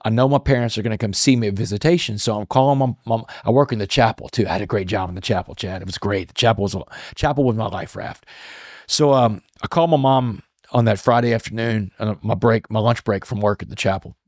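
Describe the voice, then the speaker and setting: A man's voice: lowish voice, quick pace, darkish tone, no room sound, clean studio sound. A middle-aged man telling a personal story as an interview guest, earnest and emotional, often repeating his words.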